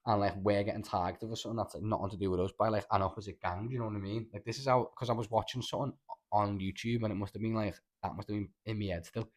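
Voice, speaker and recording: A young man with a Scouse accent telling rambling, animated stories in casual podcast chat, full of slang and swearing. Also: fairly low pitch, rapid-fire. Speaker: podcast host.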